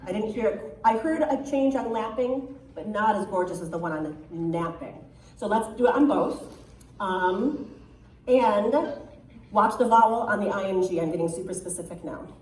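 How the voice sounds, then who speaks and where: A woman's voice: medium pitch, moderate pace, a little mellow. A woman with a soprano voice coaching a choir in rehearsal, chatty and encouraging, often checking in with "right?". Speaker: choir clinician giving critiques. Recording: echoey hall, mic far off.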